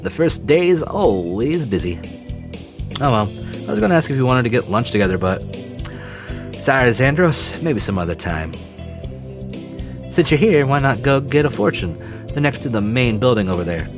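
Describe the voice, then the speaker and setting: A man's voice: mid-range voice, very animated, normal speed, pauses often, over music. A man voicing a friendly young male bird working at a shrine in a dating-sim game, with a put-on accent that slips.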